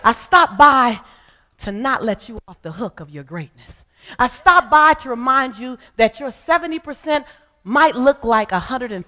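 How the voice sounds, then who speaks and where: A woman's voice: mid-range voice, pushed and bright. A middle-aged woman giving a motivational speech on stage, with an emphatic, repetitive preaching cadence. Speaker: motivational speaker. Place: stage before a live audience. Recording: long hall reverb.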